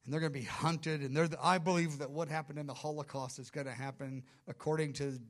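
A male preacher delivering a sermon with a fairly high voice. He teaches in a casual, conversational way, then drives points home with sudden emphatic bursts. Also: fairly even intonation, fast talker.

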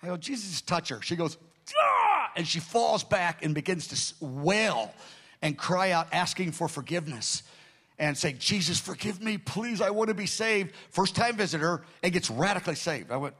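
Animated man telling a sermon story. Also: high voice, moderate pace. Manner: animated storytelling, acting out quotes with dramatic shifts in loudness. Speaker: pastor.

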